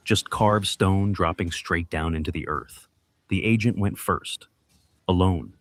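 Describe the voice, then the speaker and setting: A man with a somewhat low voice narrates a scripted mystery. His delivery is measured and suspenseful. He builds tension through short, clipped phrases and deliberate pauses. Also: no echo.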